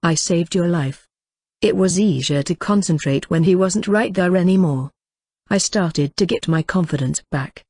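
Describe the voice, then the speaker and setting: Low-voiced woman reading a novel aloud. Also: moderate pace, a little mellow, breathy edge, no room sound. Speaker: audiobook reader. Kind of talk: first-person novel narration.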